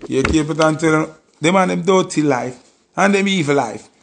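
A man's voice: a little high, normal speed, vocal fry, slight background noise. A man with a Jamaican Patois accent, talking casually on a live stream and telling a story with emphatic, repeated oaths.

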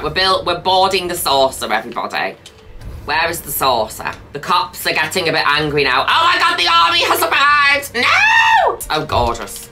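Campy, lively woman commentating a game. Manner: campy and exclamatory, swings from squeals to low asides. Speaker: gaming video host. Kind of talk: let's-play commentary.

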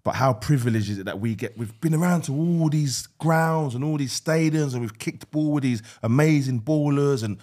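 A man's voice: mid-range voice, normal speed, few pauses. A young man as a podcast guest, chatting casually and teasing back with lots of laughter. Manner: lively, teasing, laughs often. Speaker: guest, interviewer.

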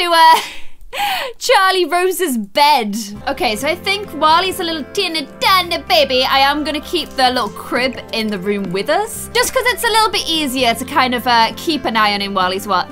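Excitable high-voiced Irish woman gamer. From Ireland. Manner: excitable, frequent gasps and squeals. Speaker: gaming YouTuber. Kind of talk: excited let's-play commentary.

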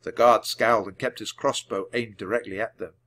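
A man reading a children's chapter book aloud, clearly and deliberately, for language learners. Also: on the low side, fairly even intonation, a bit bright. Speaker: storybook reader. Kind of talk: storybook read-aloud.

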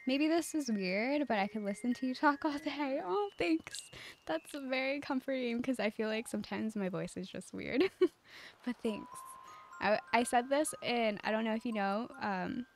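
A woman with a slightly high voice chats with her stream viewers while playing a life-sim game. Her delivery is calm and cozy, loose and giggly, full of "like" and "um", with faint game music underneath. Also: moderate pace. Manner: chatty, giggly, many filler words.

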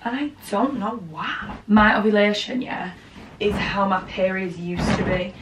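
A woman's voice: mid-range voice, steady tone, measured pace, a bit bright, slight background noise. A young woman chatting candidly to camera in a home vlog, grumbling and sometimes dropping to a murmur. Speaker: vlogger. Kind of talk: casual vlog chat. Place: at home, bedroom.

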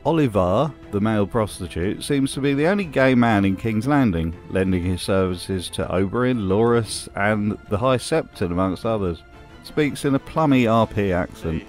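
Host, male, lowish voice, deadpan sarcastic narration. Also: moderate pace, faint music behind. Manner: dry, sarcastic humor. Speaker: video essay host. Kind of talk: scripted commentary narration.

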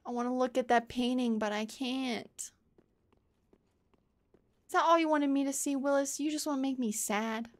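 A woman's voice: high voice, moderate pace, pauses often. A woman streamer giving casual gameplay commentary with dramatic mock grief, playful and swearing.

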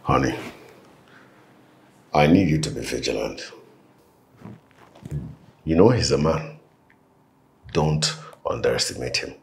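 An actor with a Nigerian accent playing a husband who warns his wife in a low, urgent way. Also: lively intonation, slow, long pauses, heavily acted. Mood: warning. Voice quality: very deep gravelly voice.

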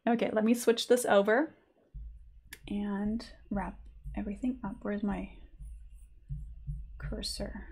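A woman's voice: mid-range voice, fairly even intonation, slow pace, pauses often, darkish tone, breathy edge. A woman teaching a live online sketching lesson in a chatty, informal way with many fillers. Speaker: art teacher.

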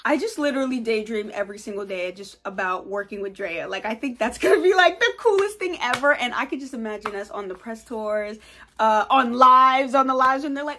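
Bubbly high-voiced young woman vlogger. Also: brisk. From New York, USA. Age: 20s. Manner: bubbly, excitable, breaks into laughs and squeals. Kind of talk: casual chat to camera.

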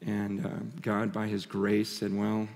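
A man giving a conference sermon, telling personal stories in an animated way, full of restarts and laughter. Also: high voice, moderate pace. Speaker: conference speaker. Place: large conference hall stage. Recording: hall reverb from a large venue.

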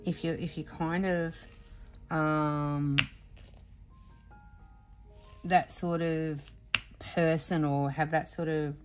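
Slow-talking woman crafting and chatting. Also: sits low, level tone, darkish tone, faint music behind. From Australia. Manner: rambling, full of fillers and restarts; emotional, admits exhaustion. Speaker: diamond painting vlogger. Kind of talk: casual chat while crafting. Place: home craft room.

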